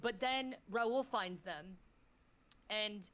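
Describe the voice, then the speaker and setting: A woman's voice: medium pitch, drawn-out words, fairly bright tone. Gushing, foul-mouthed woman guest. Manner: effusive, swears freely, fillers of "like"; emotional, gushing. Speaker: podcast guest. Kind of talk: impassioned casual chat.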